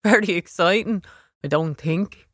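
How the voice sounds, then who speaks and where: A teasing young man, played by a woman reading aloud, who talks down to his little sister in a smirking, mocking tone. The voice sits fairly low and the audiobook recording is dry and close. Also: measured pace, dry recording. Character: teasing, condescending young man, big brother.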